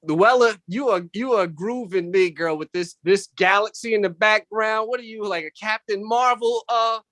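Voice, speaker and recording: A man doing animated stand-up comedy over a video call from home, jumping into voices of family and coworkers. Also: sits high, normal speed, dry recording, studio quality. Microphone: computer mic on a video call.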